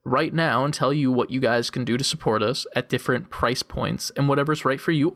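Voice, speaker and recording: A young man with a middle-pitched voice chats casually on his podcast, loose and profane, leaning on "like" between thoughts. He speaks close into a desktop USB condenser mic. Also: brisk, a bit bright. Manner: laid-back, profane, full of "like" fillers. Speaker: podcast co-host. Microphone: desktop USB condenser mic on a call.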